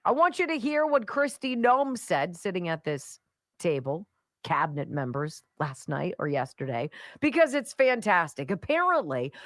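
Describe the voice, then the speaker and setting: A woman's voice: fairly low pitch, no echo, studio quality. A woman hosting a talk radio show, delivering sarcastic, mocking commentary. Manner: sarcastic, mocking, mimics voices. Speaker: radio host.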